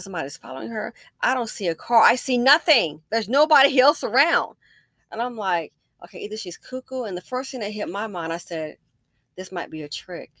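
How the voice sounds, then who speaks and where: A woman's voice: mid-range voice, fairly bright tone, dry recording. A woman hosting a casual commentary video, telling stories emphatically and often digressing. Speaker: commentary channel host.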